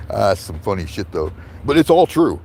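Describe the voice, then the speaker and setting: A man's voice: on the low side, darkish tone, a little hiss or hum. A man telling a long casual story, rambling and profane, chuckling between lines. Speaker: vlogger.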